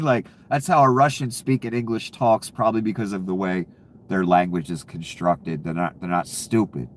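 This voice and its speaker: A man's voice: low voice, normal speed. A man giving casual, profane political commentary, ranting and sarcastic, laughing at his own jokes.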